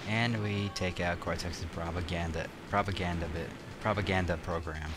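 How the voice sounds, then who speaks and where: A man's voice: deep voice, fairly even intonation, moderate pace. A young man casually commenting on his own gameplay, rambling with lots of fillers and restarts and some crude words. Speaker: let's play commentator. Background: game music.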